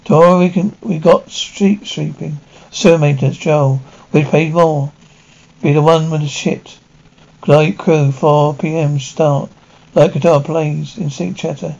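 A man reading dialogue and sound cues aloud in a flat, even way. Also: a little high, a little slow, gravelly. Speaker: describer. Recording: dull lo-fi recording.

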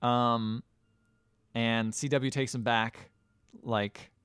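A man chats through a film plot on a podcast, piling up fillers and dropping into quick impressions of the characters. His voice is smooth and full. The sound is dry and close to the mic. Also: mid-range voice, flat delivery, fairly bright tone, no echo. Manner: rambling retelling with filler words, quick acted quotes. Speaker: podcast co-host. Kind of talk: casual chat recapping a movie.

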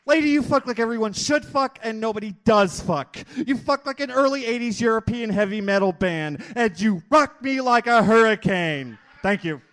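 A man performing a rhythmic spoken-word slam poem live on a stage mic, repeating lines and building to shouts. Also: very high-pitched, expressive, normal speed, hardly any pauses. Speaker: slam poet.

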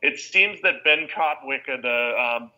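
A man co-hosting a sports podcast, giving a steady, analytical take in long, flowing sentences. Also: medium pitch, unhurried, rough recording. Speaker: podcast co-host. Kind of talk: casual sports podcast chat.

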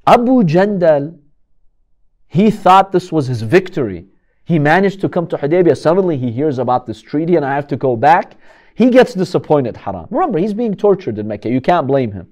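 A man's voice: fairly high pitch, big pitch swings, brisk, a little mellow. A man giving a religious history lecture, telling the story dramatically and asking rhetorical questions.

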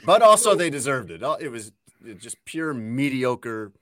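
A man's voice: medium pitch, sing-song, a little slow, a bit bright. A man, a sports reporter, talking casually and with strong opinions, and teasing his critics.

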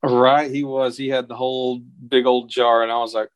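A young man guesting on a podcast tells a story in casual chat. His mid-range voice has little pitch movement and a normal pace, recorded dry and close, though he acts out quotes in a higher, livelier voice.

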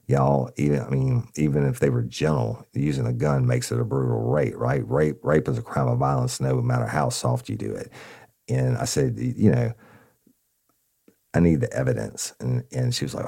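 A man's voice: very deep voice, very animated, moderate pace, creaky, warm tone. A man telling an old police case to listeners, blunt and profane, acting out both sides of the conversations. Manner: blunt, profane, addresses listeners as y'all, acts out dialogue. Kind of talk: casual storytelling to an audience.

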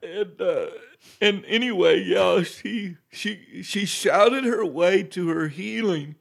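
Slow, gravelly man telling testimony. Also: sits high. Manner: unhurried, gravelly, many fillers, grows loud and excited telling stories. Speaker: guest minister. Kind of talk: casual storytelling chat.

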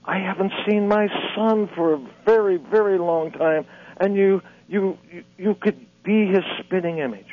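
Little old crooked guy in a joke, wondering voice going high, man doing it, muffled radio sound. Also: normal speed, natural voice. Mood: amazed.

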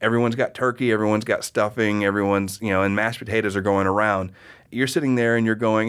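A middle-aged man from the Midwest talks casually on his podcast, his voice fairly low and pitched a little under the usual. He tells stories with energy and slips into little voices for the people in them. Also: fast talker, clean tone. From American Midwest. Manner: animated storyteller, voices people in anecdotes. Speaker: podcast host. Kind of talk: casual conversation.

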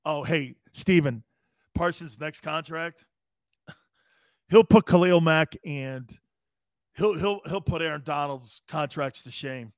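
A man's voice: on the high side, takes it slowly, pauses often, no room sound, studio quality. A man hosting a live sports talk show, answering viewer comments in a brash, profane, combative way. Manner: combative, playfully needling callers and commenters.

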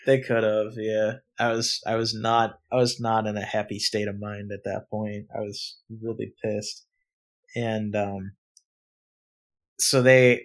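A young man co-hosting a casual podcast, telling a story and acting out both sides with sudden loud outbursts and lots of swearing. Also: medium pitch. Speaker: podcast co-host. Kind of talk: casual chat.

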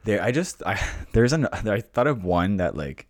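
A young man with a low voice co-hosts a casual podcast chat. He tells stories in a loose, rambling way full of fillers and restarts, recorded on a close, dry mic. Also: big pitch swings, a little slow, dry recording. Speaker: podcast co-host.

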